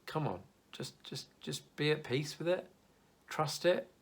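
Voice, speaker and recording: Young man, church youth leader, casual video devotional, gravelly tone, earnest and reassuring. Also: a little high, a little slow.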